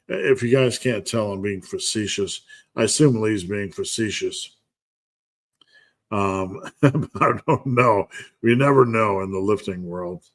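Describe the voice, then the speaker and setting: A relaxed man with a fairly low voice runs a casual live question-and-answer stream. He reads viewer comments aloud, jokes around and laughs easily between his answers. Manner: laid-back, jokey, reads chat comments aloud and laughs often. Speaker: podcast host answering live chat questions.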